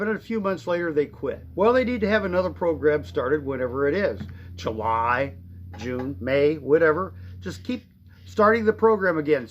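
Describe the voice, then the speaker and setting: A middle-aged man, a shop owner, giving a folksy, rambling product demonstration on a live stream. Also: on the high side. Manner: folksy, rambling explanations with fillers. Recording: dull lo-fi livestream audio.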